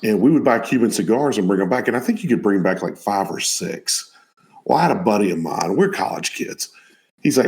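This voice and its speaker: Lively-voiced talk show host. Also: male voice, fairly low pitch, a little fast. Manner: stumbling restarts, lively story. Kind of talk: casual chat.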